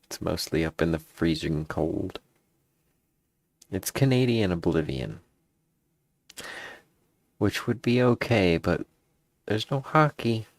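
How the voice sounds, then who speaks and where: Low, gravelly man rambling to himself. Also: lively intonation, slow pace, long pauses, no room sound. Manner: rambling, grumbling aside to himself. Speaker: streamer. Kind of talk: casual commentary while editing video.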